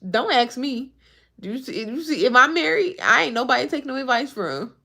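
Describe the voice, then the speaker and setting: A woman in her twenties from the Chicago suburbs, with a Chicago accent, chats casually on a livestream and animatedly answers her chat. Her voice sits high with vocal fry, and she talks at a normal speed.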